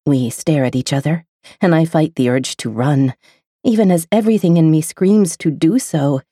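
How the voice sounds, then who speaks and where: Low-voiced woman narrating a romance. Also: normal speed, mellow, husky, no room sound, clean studio sound. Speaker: audiobook narrator. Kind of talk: first-person romance narration.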